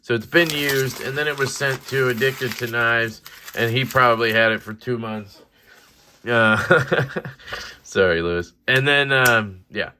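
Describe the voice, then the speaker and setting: Excitable bright-voiced man reviewing knives. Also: mid-range voice, measured pace, slight background noise. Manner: excited, rambling, swears casually. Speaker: knife reviewer. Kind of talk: casual unboxing vlog.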